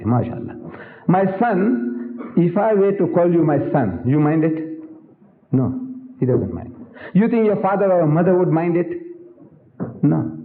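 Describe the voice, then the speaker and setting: An older man from South Africa delivering a public religious lecture with a theatrical flair, asking rhetorical questions and acting out little dialogues. His voice sits in an ordinary male pitch. The old hall recording is thin and phone-like. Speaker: guest lecturer. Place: large lecture hall with an audience.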